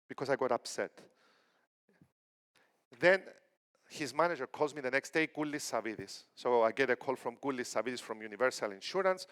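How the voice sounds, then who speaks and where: The keynote speaker, a middle-aged man from Cyprus, talks briskly in a mid-range voice. He animates his conference stories by acting out what people said.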